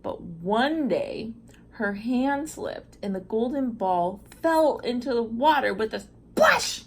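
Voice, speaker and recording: A woman reads a fairy tale aloud in an unhurried way, her pitch rising and falling a lot as she goes. She stops now and then for chatty asides to her viewers. Her voice sits a little high for a woman. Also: sing-song. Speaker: storyteller. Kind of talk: reading a storybook aloud.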